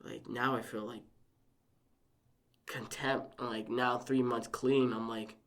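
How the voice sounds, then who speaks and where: Young man, podcast guest, casual storytelling, animated, acts out quotes. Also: medium pitch, takes it slowly.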